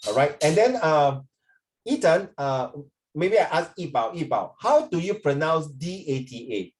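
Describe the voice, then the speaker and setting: A man's voice: on the high side, big pitch swings, unhurried. A man with a Singaporean English accent teaching an English class over a video call, chatty and joking, slipping into Mandarin at times.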